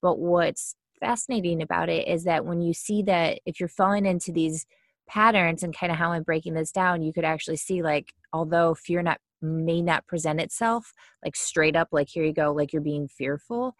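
A woman with a lowish voice talks casually about mindsets, leaning on fillers like "kinda" and slipping into little acted complaints. The sound is close and dry, with no room around it. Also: fairly even intonation, normal speed, dry recording. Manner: chatty, many fillers, acts out quoted complaints. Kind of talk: casual explanatory talk.

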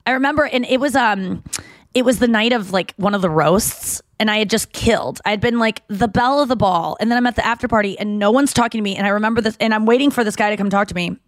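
Talking fast at a medium pitch, this young adult podcast co-host spins crude, candid tales and voices the quotes herself. It's casual chat, recorded dry.

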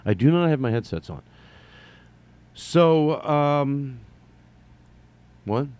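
A man hosting a solo comedy podcast, rambling through a story with jokey asides and quick mock voices. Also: fairly high pitch, expressive, darkish tone.

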